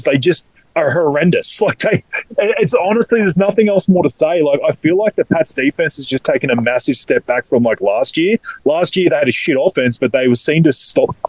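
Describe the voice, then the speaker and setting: A man's voice: fairly high pitch, a little mellow, no room sound, low-quality recording. An Australian man co-hosting a sports podcast, talking emphatically in casual chat and swearing casually. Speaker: podcast co-host.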